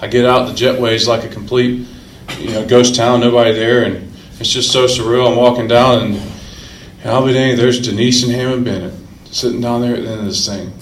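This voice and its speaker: A man's voice: mid-range voice, steady tone, fairly quick, a little hiss or hum. A man speaking earnestly and emotionally as a recovery meeting speaker, repeating phrases for emphasis. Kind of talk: personal recovery story told to a meeting. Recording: echoey room.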